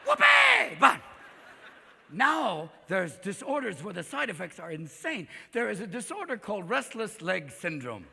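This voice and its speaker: A man's voice: sits high, very animated, moderate pace, gravelly, hardly any pauses, sharp tone, breathy edge. Manic, profane man doing stand-up. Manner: manic, profane, jumping into voices. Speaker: stand-up comedian. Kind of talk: live stand-up comedy. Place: live theater stage. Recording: live reverberant hall.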